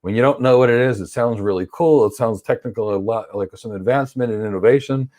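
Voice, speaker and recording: A man's voice: mid-range voice, fast, darkish tone. A man teaching a cloud certification course on a livestream. He reads viewer questions aloud and answers them bluntly, with strong opinions and playful acted-out examples. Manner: acts out examples in playful voices.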